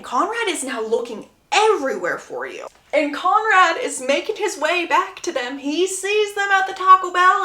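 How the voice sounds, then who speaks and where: A woman's voice: high-pitched, a bit bright, roomy sound. A woman casually retelling a book's plot, chatty and acting out the quotes. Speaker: book summary creator.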